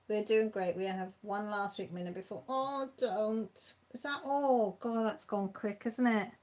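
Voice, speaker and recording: A woman chats casually as host of a live stream. Her talk rambles and restarts as she loops back over her points. She sounds tired, with a steady voice in a middle pitch. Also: unhurried. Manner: chatty and rambling, with many restarts. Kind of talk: casual chat.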